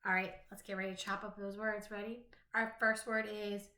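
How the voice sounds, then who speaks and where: A woman teaching a phonics lesson to young children, slowly sounding out rhymes, letters and words. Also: mid-range voice, level tone, sharp tone. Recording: echoey room.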